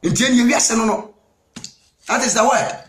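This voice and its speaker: A Ghanaian man preaching a sermon as an evangelist, emphatic and repeating "Amen", sometimes shouting. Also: very high-pitched, moderate pace, reverberant. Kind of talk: sermon mixing Twi and English.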